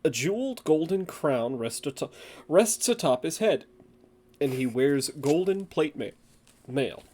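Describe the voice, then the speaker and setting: A game master describing a scene to the players in an unhurried, descriptive way. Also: mid-range voice, animated, dark tone. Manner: unhurried, descriptive, laughs easily. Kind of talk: tabletop game narration.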